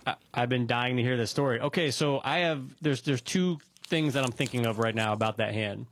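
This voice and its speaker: A man's voice: medium pitch, a little fast, a little hiss or hum. A man co-hosting a podcast who reacts casually and supportively, with casual swearing. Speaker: podcast co-host and listener. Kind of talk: casual chat.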